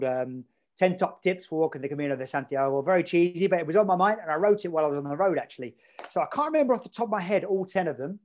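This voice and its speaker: A man's voice: fairly high pitch, darkish tone. An English man, a podcast guest, telling a story in a rambling, chatty way with lots of fillers. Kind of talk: casual storytelling.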